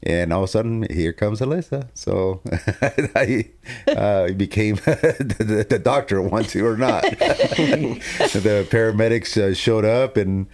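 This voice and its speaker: A man with a very deep, low voice tells a family story in a casual, animated way. He laughs often and acts out what everyone said along the way. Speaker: co-host telling his testimony.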